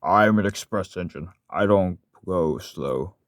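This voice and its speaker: A man's voice: low voice, lively intonation, slow, dry recording, clean studio sound. A man voicing a proud, boastful male express steam engine who speaks with emphasis.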